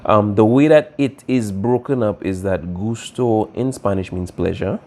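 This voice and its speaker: A man's voice: fairly low pitch, measured pace, dark tone. A man teaching a language class, explaining patiently and checking in with "all right?" as he goes. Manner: patient, repeats key points, asks "all right?" often. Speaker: Spanish teacher.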